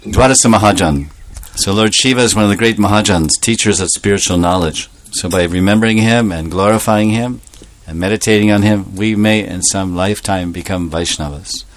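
A man telling a devotional story as a sermon, animated and playful, laughing often and adding joking asides. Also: on the low side, fairly quick, few pauses, no echo.

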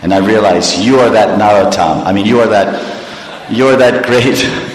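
Man doing a grandiose ancient guru, pompous, raised pitch, echoey hall. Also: a little slow, a little hiss or hum, close to an everyday voice. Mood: mock-solemn. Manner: pompous, theatrical, mock-solemn. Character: ancient boastful male Himalayan guru, grandiose.

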